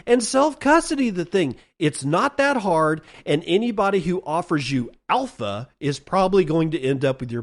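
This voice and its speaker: A man's voice: high-pitched, a little mellow. A middle-aged man hosting a solo commentary podcast, sarcastic and ranting, stretching out words for emphasis. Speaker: podcast host.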